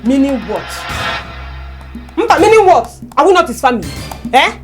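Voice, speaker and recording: Brief: an actress voicing a wronged Nigerian widow, accusing and pleading, lively and high, over a film score. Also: female voice, moderate pace, soft background music. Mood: questioning. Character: grieving, indignant middle-aged village widow.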